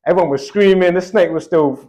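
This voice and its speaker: A man's voice: sits high, fairly quick, warm tone. A young Australian man telling a rambling story in casual chat, dotting his talk with "like" and "bro".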